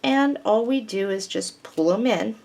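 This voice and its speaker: A woman demonstrates a paper craft at an unhurried pace, talking the listener through each small step. Her pitch sits in an ordinary middle range, and her tone stays instructive and patient. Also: creaky, a little mellow. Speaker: craft tutorial host.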